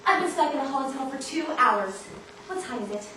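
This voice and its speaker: A woman's voice: sits high, expressive, brisk. A young woman playing a flustered, nervous married woman from New Jersey on a school stage. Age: teens. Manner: flustered, jittery, breathless. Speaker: student actor in a school play. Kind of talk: stage acting. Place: school stage before an audience. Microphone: far camera in the hall. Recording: echoey stage recording, far off, noisy.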